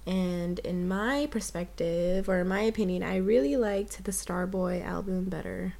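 A young adult woman co-hosting a podcast, chatting casually as an enthusiastic pop fan who pushes back quickly. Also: lowish voice, creaky, a little mellow. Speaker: podcast co-host. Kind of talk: casual chat.

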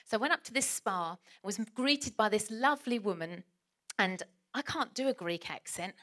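A woman's voice: mid-range voice, animated, normal speed, fairly bright tone. A woman preacher, telling a chatty, self-deprecating story in a sermon.

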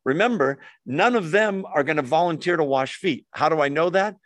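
A man teaching a Bible study, lively and often asking the group rhetorical questions. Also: a little high, moderate pace, dry recording, studio quality.

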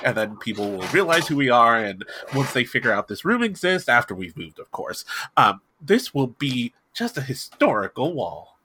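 A man's voice: medium pitch, big pitch swings, normal speed, hardly any pauses, bright, forceful tone, husky, heavily acted. A man voicing a fussy, formal young man who stammers and speaks in prim, eager phrases.

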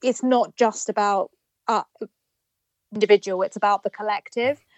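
A woman chats as a supporters' trust representative on a podcast. She sounds earnest but giggles easily, and she fills pauses with plenty of ums. Her voice sits at an ordinary pitch and is recorded close and dry. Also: fairly even intonation, no echo. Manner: earnest, giggly, many fillers. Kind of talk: casual podcast chat.

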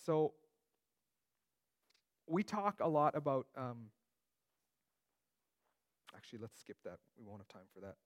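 A man's voice: mid-range voice, very animated, unhurried, long pauses. A man teaching through a Bible passage in a conversational way, with joking asides.

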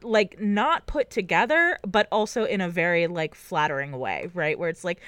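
Woman, podcast co-host, casual and analytical, lowish voice, dry sound. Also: animated, moderate pace, fairly bright tone, clean tone, dry recording. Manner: analytical, hedging with "like" and "right?". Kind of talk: casual book discussion.

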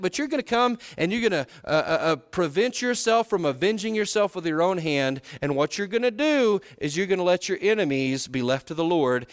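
A man delivering a sermon with a voice pitched somewhat high for a man. He reads old scripture aloud and then retells it in plain, everyday words. His delivery moves between soft, reflective stretches and raised, fervent emphasis. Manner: expository Bible teaching with paraphrased quotes, swings between quiet and fervent. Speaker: preacher.

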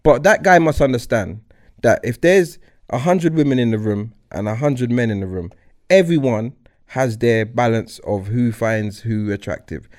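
A young man co-hosting a podcast, with a serious manner even when joking. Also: medium pitch, normal speed. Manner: serious demeanor, ribbing, explaining. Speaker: podcast co-host. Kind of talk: casual banter.

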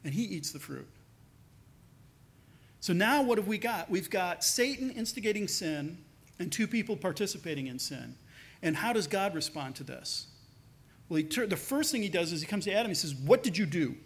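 Pastor guy with a high voice preaching, chatty, drops his voice for quotes. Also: animated, moderate pace. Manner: conversational, acts out quoted voices with lowered pitch. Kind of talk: sermon.

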